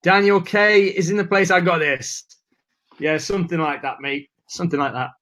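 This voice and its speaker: Chatty man, slightly high voice. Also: fairly even intonation, normal speed, a bit bright. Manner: chatty, greeting viewers by name. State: a bit nervous. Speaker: webinar host. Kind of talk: casual live webinar chat.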